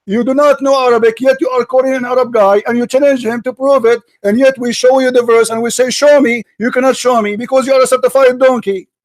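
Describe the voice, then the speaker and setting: A man with a high, bright-pitched voice hosts a heated live debate. He is combative and mocking, and he hammers the same demand over and over. His voice sounds close and dry, with no room sound. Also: steady tone, quick pace, hardly any pauses, no room sound. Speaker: host.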